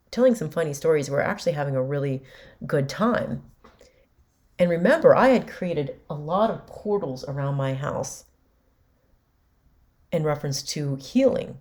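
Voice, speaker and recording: A woman's voice: low-pitched, mellow. A woman host candidly recounting a personal story in a conversational way. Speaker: podcast host.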